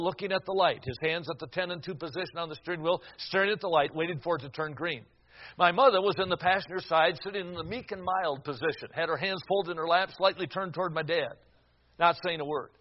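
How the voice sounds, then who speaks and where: Older man, high voice, sermon storytelling, stammering restarts, loud-to-hushed swings, muffled recording. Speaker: preacher.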